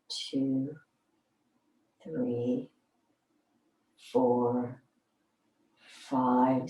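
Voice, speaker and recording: A woman leading a gentle somatic movement class, calmly guiding each move and counting slowly aloud. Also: medium pitch. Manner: slow, soothing, counts aloud. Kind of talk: guided exercise class. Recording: roomy sound, mic at a distance.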